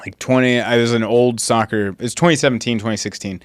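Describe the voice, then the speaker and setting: A man in his thirties hosting a podcast, telling stories in a casual, animated way. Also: mid-range voice, fast talker, no echo, studio quality. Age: 30s. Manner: animated storyteller, jumps into loud excited voices. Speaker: comedian podcast host. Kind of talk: casual chat.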